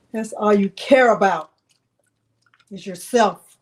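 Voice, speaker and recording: A woman's voice: high voice, lively intonation, a little slow, poor audio. A woman hosting a crafting livestream in casual, playful chat, greeting viewers by name and coaxing her pet in a teasing baby-talk voice. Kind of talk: casual live-stream chat.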